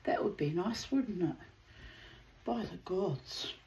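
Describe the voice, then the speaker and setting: A woman's voice: on the low side, animated, slow pace, background noise. A woman reading old myths aloud as a storyteller, with casual spoken asides.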